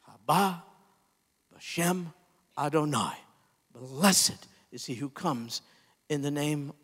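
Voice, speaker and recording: A man preaching a sermon, impassioned, climbing to emphatic peaks and then dropping low and quiet. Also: long reverb tail. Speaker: pastor.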